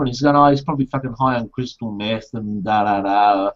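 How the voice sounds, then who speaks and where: A man hosting a casual chat, joking around and rambling through stories, swearing often. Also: fairly quick. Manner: rambling, swearing storyteller, jokey. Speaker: host. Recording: muffled low-fidelity audio.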